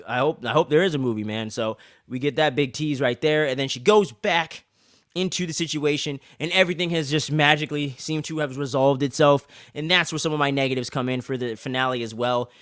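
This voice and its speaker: A man co-hosting a casual review show, rambling and swearing as an excited fan. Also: fairly high pitch, dry recording, studio quality. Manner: rambling, profane, excitable fan talk with many fillers. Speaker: podcast co-host reviewing an episode.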